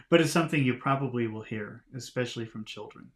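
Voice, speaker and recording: A man teaching English vocabulary by reading a storybook aloud, talking in a relaxed, chatty way and laughing at himself. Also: medium pitch, moderate pace, long pauses. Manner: relaxed, chatty, laughs at himself, lively voices for quoted lines.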